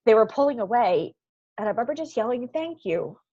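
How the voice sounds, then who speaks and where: A woman guest in an interview, telling a personal story in a heartfelt, animated way, with frequent laughs and lots of "like" fillers. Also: fairly high pitch, a little fast, dry recording, lo-fi sound. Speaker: guest, event founder.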